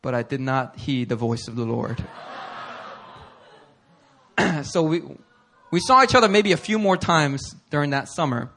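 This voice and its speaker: Brief: man, pastor, storytelling sermon, bright and a bit high, lively and chatty. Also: a little slow, pauses often, slight background noise. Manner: animated, conversational, laughs often. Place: church service before a congregation.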